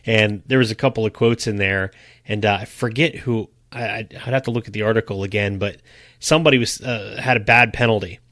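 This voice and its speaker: A man's voice: fairly low pitch, steady tone, brisk, fairly bright tone, no echo, clean studio sound. A man co-hosting a casual sports podcast, chatty and laughing often as he tells stories. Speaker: podcast co-host.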